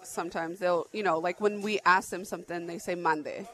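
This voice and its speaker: A woman's voice: on the low side, steady tone, a little fast, pushed and bright, low-quality recording. A woman in her thirties from Arizona, chatting casually as a podcast co-host and rambling with lots of filler words and restarts. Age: 30s. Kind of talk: casual chat.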